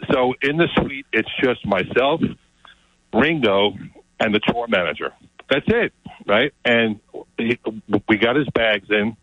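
Excited man telling a story, lo-fi. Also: medium pitch, dry recording. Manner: excited, repeats words. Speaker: guest. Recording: dull, lo-fi sound.

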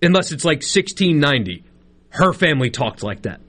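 Rambling sports radio co-host. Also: male voice, fairly high pitch, very animated, moderate pace, a bit bright. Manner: rambling storyteller, self-mocking. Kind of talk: casual sports radio banter.

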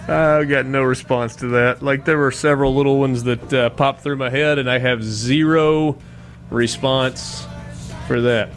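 A man, hosting a sports radio show in a chatty, self-deprecating way that turns animated when he jokes. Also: mid-range voice, measured pace, soft background music. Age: 40s. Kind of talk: casual sports radio talk.

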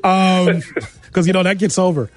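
A man hosts a sports talk radio show from a studio, his fairly high voice dry and close on the mic. He teases his guest in a loose, joking way and laughs easily. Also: steady tone, moderate pace, no room sound. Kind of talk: casual radio interview.

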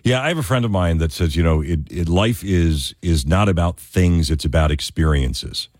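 A man's voice: sits low, moderate pace, darkish tone, dry recording, clean studio sound. A man hosting a call-in radio talk show, chatting in a friendly way with callers. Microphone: studio microphone.

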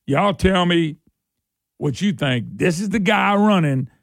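Sarcastic man, high gravelly voice. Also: animated, a little slow, no echo, clean studio sound. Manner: sarcastic, laughs often, voice jumps high when mocking. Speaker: radio talk show host. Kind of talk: opinionated political talk.

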